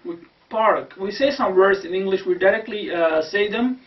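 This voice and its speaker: A language teacher with a Kashmiri accent explains pronunciation and goes through word lists, repeating words slowly with many fillers. The low-quality mic sounds dull, roomy and distant.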